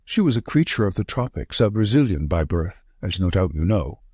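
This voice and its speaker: A man's voice: low-pitched, sing-song, fairly quick, a little mellow, slightly rough, no echo, studio quality, pitched below the performer's own voice, heavily acted. A man reading the part of a thin, nervous male estate manager in an audiobook, gasping out short sentences. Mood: agitated.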